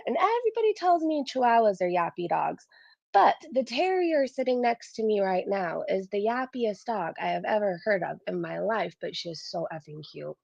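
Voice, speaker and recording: A woman's voice: medium pitch, creaky, dry recording, highs cut off. A woman hosting a casual livestream, bubbly and greeting her chatters by name. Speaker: livestream host.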